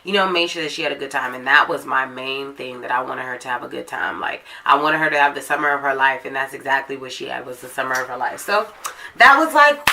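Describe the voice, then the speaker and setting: A woman's voice: very deep voice, fast talker, vocal fry, bright, forceful tone, a little hiss or hum. A woman vlogger chatting through a personal story in a casual, blunt, profane way.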